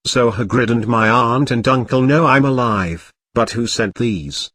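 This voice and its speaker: A man's voice: medium pitch, a little slow, fairly bright tone, no room sound. Brief: polite, earnest boy wizard, voiced by a man, dry close recording. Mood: curious.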